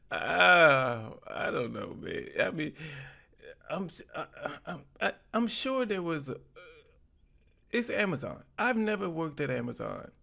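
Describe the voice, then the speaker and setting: A man's voice: fairly high pitch, gravelly, bright, forceful tone. A man hosting his channel, reacting to clips in a laid-back, chuckling way and offering advice. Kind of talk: casual commentary.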